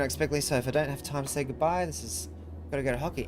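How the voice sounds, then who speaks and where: A man's voice: medium pitch, steady tone, racing, soft background music. A man streaming a strategy game, chatting casually and wryly with chat, laughing often. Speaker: gaming streamer. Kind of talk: casual let's-play commentary.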